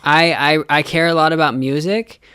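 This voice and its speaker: A woman's voice: low voice, normal speed, fairly bright tone, clean tone, no echo, clean studio sound. A woman hosting a casual chat show, rambling with lots of fillers and casual swearing. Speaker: host.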